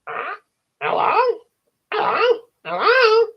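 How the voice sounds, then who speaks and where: A man's voice: very high voice, huge pitch swings, slow, dull audio, pitched above the performer's own voice, exaggerated voice. A man voicing a squawking male pet parrot as a grating, whiny comedian impression, in a storybook reading. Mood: screeching. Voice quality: screechy, grating. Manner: yelling, whiny.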